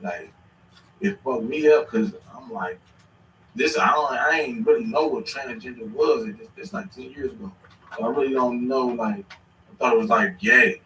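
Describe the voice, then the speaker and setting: A man in his thirties telling stories in casual chat, animated and swearing freely. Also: mid-range voice, normal speed, far from the mic, slight background noise. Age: 30s. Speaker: podcast host. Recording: echoey room, away from the mic.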